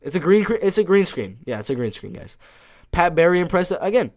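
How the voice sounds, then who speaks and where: Laid-back man streamer, lively pitch. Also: a little fast. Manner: laid-back, offhand, often ends lines with "man". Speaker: MMA live streamer. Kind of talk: casual live-stream Q&A reading chat.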